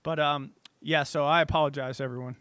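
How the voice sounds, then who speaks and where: A man's voice: a little high, steady tone, a little fast, bright, forceful tone, dry recording, clean studio sound. Irritated rambling male co-host. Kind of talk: casual show banter.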